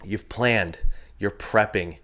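A man hosting a podcast in a casual, rambling monologue, cursing now and then and jumping up in pitch when he gets worked up. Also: slow. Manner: chatty and rambling, swears freely, animated pitch jumps. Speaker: podcast host. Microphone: filmed talking to a camera with a monitor.

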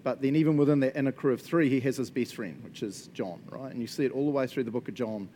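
A man preaching a casual, conversational sermon, animated and chatty, often checking in with his listeners. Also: mid-range voice, fast, a little hiss or hum. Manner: animated and chatty, frequent laughs and "right?" check-ins.

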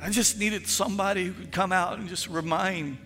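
A male pastor preaching a sermon in an animated storytelling manner, acting out phone calls with friends. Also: sits high, normal speed, big-room sound, soft background music.

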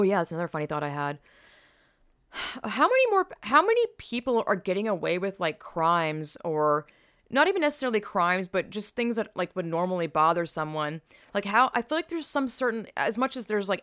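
This young woman's podcast chat is very animated and a little fast, her fairly low, fairly bright voice recorded cleanly in a studio without echo. Using a headset mic, she's candid and profane, wandering from tangent to tangent.

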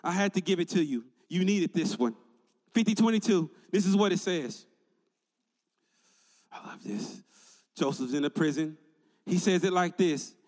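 A man's voice: high-pitched, lively intonation, moderate pace, a little mellow, in a large hall. A male pastor preaching a sermon in an emphatic, conversational way, building points through repetition.

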